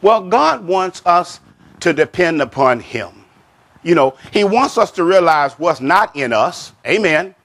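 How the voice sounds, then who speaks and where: A man preaching a sermon as pastor, slow and emphatic, repeating phrases and saying "amen" often. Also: a little high, very animated, a bit bright.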